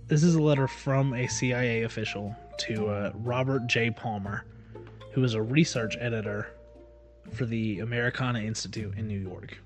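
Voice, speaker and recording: Casual man reading old documents aloud. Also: mid-range voice. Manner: reads aloud haltingly with filler asides. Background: music.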